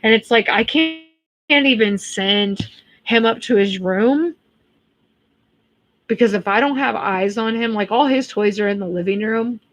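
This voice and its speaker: A woman's voice: a little high, a little slow, long pauses, a bit bright. A woman in her thirties with an American accent, chatting casually on a livestream, blunt and chatty and cursing freely. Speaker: livestream host reading chat. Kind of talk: casual chat.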